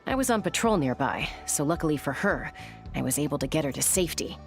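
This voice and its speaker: A woman voicing a confident young woman warrior leader in a game, speaking briskly and with self-assurance. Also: low voice, expressive. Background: game music.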